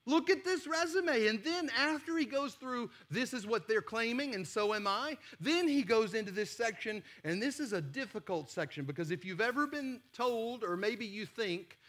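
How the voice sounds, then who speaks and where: A pastor with a Southern American accent giving a sermon in a church, conversational and emphatic, asking rhetorical questions. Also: male voice, sits high, animated, moderate pace, hardly any pauses, a bit bright. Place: church sanctuary.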